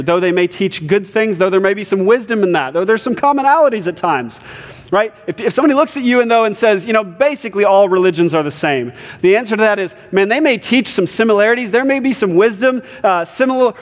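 A man from Ohio, preaching a sermon in a conversational way and often checking in with "right?". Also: sits high. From Ohio, US Midwest. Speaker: pastor. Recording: long hall reverb.

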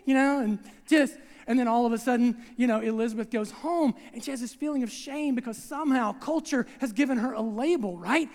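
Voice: mid-range voice, fairly quick, few pauses, a little mellow, big-room sound. A preacher giving a conversational sermon who acts out scenes and keeps checking in with the congregation, recorded in a church sanctuary.

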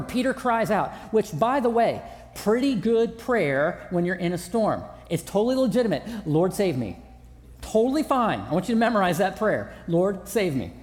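Male pastor, chatty and joking sermon style, very expressive pitch, long hall echo. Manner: conversational, self-deprecating humor. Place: large church auditorium.

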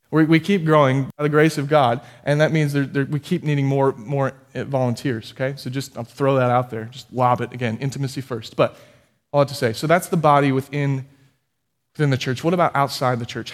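Guy pastor giving a sermon, kinda high voice, chatty then gets fired up. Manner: conversational preaching with restarts, rising to fired-up emphasis.

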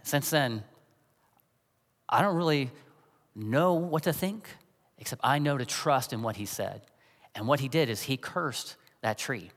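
A man's voice: mid-range voice, expressive, measured pace, long pauses, pitched below the performer's own voice. A man voicing the apostle Peter as a plainspoken, folksy middle-aged storyteller, in a reverberant hall. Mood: earnest. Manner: chatty, folksy retelling.

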